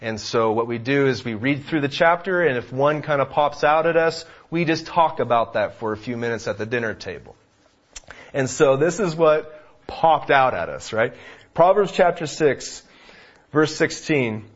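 A man preaching a sermon, emphatic, swinging between loud passages and hushed ones, on a dull lo-fi recording. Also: medium pitch, animated, moderate pace. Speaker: pastor.

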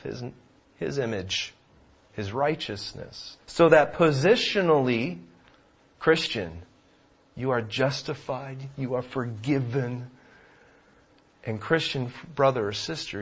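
A man preaching a sermon, emphatic, swinging between loud passages and hushed ones, on a dull lo-fi recording. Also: mid-range voice, breathy edge. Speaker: pastor.

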